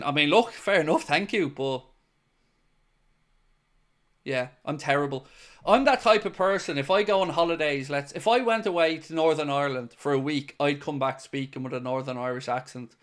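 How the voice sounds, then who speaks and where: A man's voice: on the high side, moderate pace, fairly bright tone. A man hosting a live football watchalong, mixing play-by-play with joking chat to his viewers. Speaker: host.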